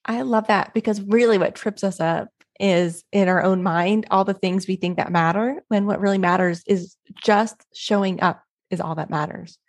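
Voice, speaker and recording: Woman podcast host; enthusiastic, affirming, mid-pitched conversational voice. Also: fairly even intonation, normal speed, few pauses, no room sound. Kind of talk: casual interview.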